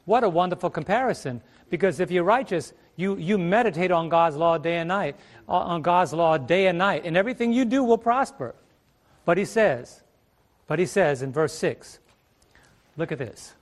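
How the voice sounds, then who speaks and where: A man's voice: sits high, lively intonation, normal speed. A middle-aged male preacher teaching a Bible study sermon on a ministry stage, asking rhetorical questions and repeating his phrases.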